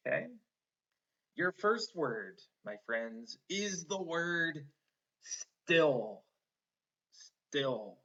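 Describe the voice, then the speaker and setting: A man teaching an online phonics lesson to children, slow and encouraging, stretching out each sound. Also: a little high, very animated, bright, forceful tone. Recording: slightly dull lo-fi online lesson audio.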